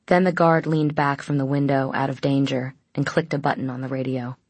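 A woman narrating an audiobook in a steady, even storytelling manner. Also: very deep voice, brisk, breathy edge, no room sound. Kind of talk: scripted narration.

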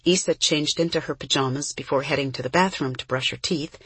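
A woman reads a children's novel aloud in a calm, steady narrating voice. Her tone is husky and slightly breathy, recorded close and dry with no room sound. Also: low-pitched, a little fast, no echo. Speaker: audiobook narrator. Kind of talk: scripted narration.

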